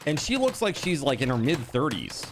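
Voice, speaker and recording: A man's voice: mid-range voice, moderate pace, background noise. A man streaming from home, chatting casually and reacting to viewers with disbelief and the odd swear word. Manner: animated, incredulous, swears casually. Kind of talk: casual live-stream chat.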